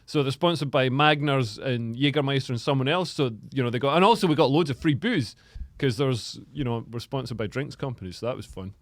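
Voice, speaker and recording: A man's voice: mid-range voice, fairly quick, no echo. A man co-hosting a comedy podcast in casual chat, recounting a story with lots of fillers.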